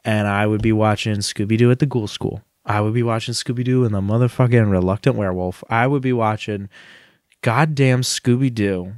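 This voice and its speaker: A man's voice: on the low side, fairly even intonation, fairly quick, dry recording, studio quality. A man in his thirties co-hosting a podcast, chatting casually with jokey asides and silly impressions. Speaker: podcast co-host. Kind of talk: casual chat.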